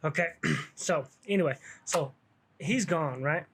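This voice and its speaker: A man's voice: fairly high pitch, measured pace, a bit bright, husky. A man telling a story from his own past in casual, slangy street talk, swearing freely and laughing along.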